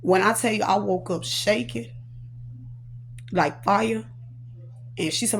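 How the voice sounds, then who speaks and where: A woman's voice: medium pitch, a little slow, long pauses, a little hiss or hum. Earnest woman telling her testimony. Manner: earnest, emotional, recounting in quoted dialogue. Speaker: prophetess. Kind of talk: personal testimony storytelling.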